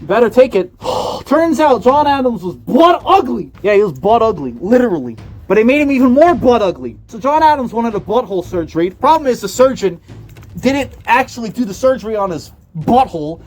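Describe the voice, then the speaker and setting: A young man telling a satirical mock-conspiracy story in a mock-serious, ranting way, swinging from loud outbursts to hushed asides. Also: high voice, expressive, normal speed. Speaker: comedy video narrator.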